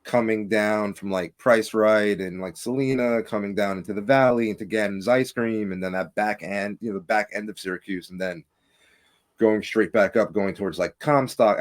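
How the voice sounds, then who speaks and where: Deep-voiced man, animated campaign talk. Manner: animated, emphatic, rising pitch when making points. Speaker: political candidate, guest. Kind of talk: casual podcast interview.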